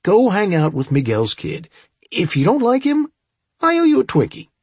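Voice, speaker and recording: A man voicing an easygoing, joking father who is striking a playful deal with his son, in a husky voice. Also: high voice, wildly swooping pitch, normal speed, darkish tone, no room sound, pitched above the performer's own voice, exaggerated voice. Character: easygoing joking dad of a boy.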